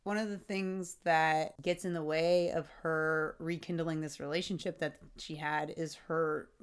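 A woman co-hosting a casual podcast chat, animated, acting out quotes and laughing often. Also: low-pitched, unhurried, clean tone. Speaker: podcast co-host.

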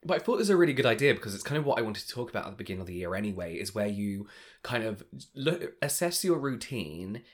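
A man's voice: on the low side, sing-song, fast. A young man co-hosting a chatty podcast, explaining skincare routines at length and laughing often. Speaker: podcast co-host. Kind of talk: casual chat.

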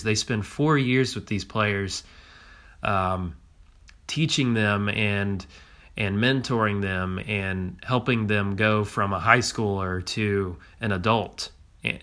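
A man hosts a solo podcast, his voice thick and congested from illness. His tone is bright and forward, sitting a little low in pitch. He rambles casually, restarting phrases and leaning on fillers as he thinks aloud. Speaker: podcast host.

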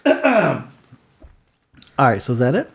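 A man's voice: mid-range voice, huge pitch swings, unhurried, gravelly, slightly rough. A man hosting a casual podcast, telling stories in a rambling way with lots of fillers and chuckles. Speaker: podcast host.

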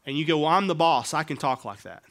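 Preaching at a quick clip, a middle-aged pastor sounds expressive as his sermon swings from soft, low-voiced asides to loud, emphatic moments.

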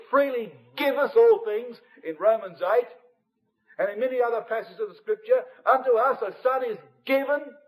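A man delivers a Bible study sermon in a high, animated voice that climbs and drops through wide swings of pitch. He speaks to the congregation as brethren and sisters, and his loudness rises and falls as he drifts closer to and farther from the mic. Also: poor audio. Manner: expository, addresses brethren and sisters, varies loudness widely.

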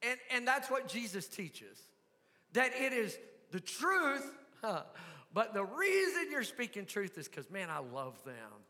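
A man's voice: sits high, big pitch swings, a little slow, bright, forceful tone, big-room sound. An older man with a Southern US accent preaching a sermon, folksy and asking the congregation questions. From American South. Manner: folksy, asks the crowd questions. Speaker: pastor.

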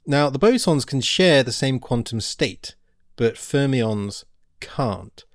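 Co-hosting a casual science podcast, this man chats in a relaxed educational way and stumbles a little over technical terms. His mid-range voice has lively intonation and a slow pace. The studio-quality recording has no echo.

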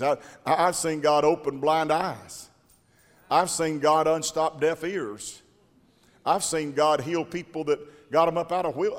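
A man preaching in a church sanctuary, his voice sitting high for a man. He stumbles and repeats words as he tells his stories, then swings up into loud, shouted lines. Long reverb trails each phrase around the hall. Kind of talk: storytelling sermon.

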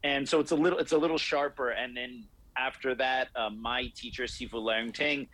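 A man with a slightly husky voice answers interview questions about the martial art he teaches. He speaks in a measured, explanatory way at a middle pitch. He laughs easily. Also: steady tone, fairly bright tone, poor audio.

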